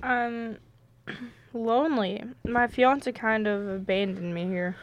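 Mujer haciendo de paciente triste y sola. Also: female voice, a little high, fairly even intonation, slow pace. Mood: weary. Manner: weary, soft-spoken. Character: sad lonely young woman, heart patient.

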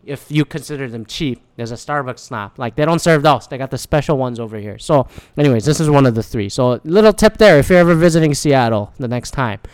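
A man telling a rambling, profane story in a casual monologue, jumping to a higher voice to act out quotes. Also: expressive, brisk, few pauses, smooth, no echo. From lives in Michigan.

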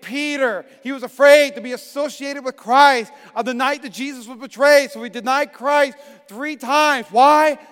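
A middle-aged pastor preaching a sermon, swinging from hushed tones to emphatic shouts. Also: male voice, very high voice, moderate pace, hardly any pauses. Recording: long echoing reverb.

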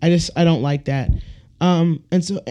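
A man's voice: a little high, steady tone, moderate pace, warm tone, dull audio. A man hosting a casual solo podcast, ranting bluntly and profanely, and now and then acting out the people he quotes. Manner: acts out quoted people with shifts in voice. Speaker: podcast host.

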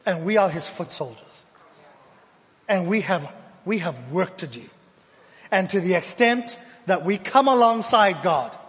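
A man with a high voice delivers a sermon, rising to loud repeated declarations and dropping to near-hushed lines. His voice rings with long reverb in a church hall. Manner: dynamic delivery, swinging from loud emphatic repetition to hushed intimate tones. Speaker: preacher.

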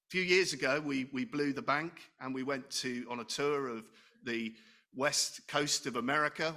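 Bright-voiced middle-aged man preaching. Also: medium pitch. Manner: conversational, asks the congregation questions, self-deprecating humor. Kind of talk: sermon.

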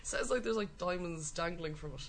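A woman's voice: on the low side, moderate pace, a crowd in the background. A young woman chatting as a guest, throwing in dry, cheeky quips. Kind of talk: casual chat.

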